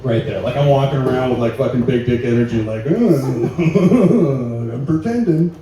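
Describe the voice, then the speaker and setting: A man's voice: medium pitch, lively intonation, quick pace, dark tone. A man doing stand-up, telling loose, profane stories and laughing through his bits in front of a small live audience. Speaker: stand-up comedian. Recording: echoey room, mic heard from a distance, faint noise.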